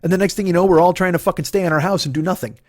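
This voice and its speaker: Profane ranting man, high voice. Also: steady tone, rapid-fire, dry recording, clean studio sound. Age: 40s. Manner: mock voices for others, high and loud. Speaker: podcast host. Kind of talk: comedic rant.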